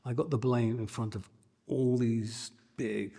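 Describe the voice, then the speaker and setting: Husky older man telling tales. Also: mid-range voice, measured pace, long reverb tail. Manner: animated, acts out the people in his story. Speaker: guitarist. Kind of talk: anecdotal storytelling.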